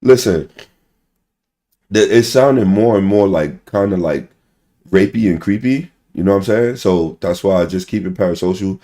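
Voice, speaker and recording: A man's voice: deep voice, normal speed, mellow. A young man ranting casually to his stream chat, rambling, swearing and repeating "bro" and "son" constantly.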